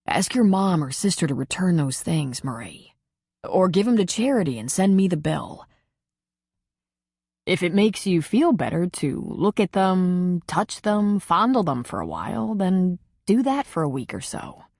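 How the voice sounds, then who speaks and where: A woman voicing a gentle man who speaks quietly and soothingly to a grieving friend. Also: on the low side, big pitch swings, unhurried, breathy edge, no echo, clean studio sound, exaggerated voice.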